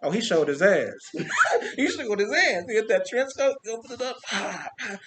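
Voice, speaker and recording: A man who works as a street performer, telling animated stories from a parade in a casual monologue, with vocal sound effects. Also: high-pitched, fast talker, heavy background noise. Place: Compton.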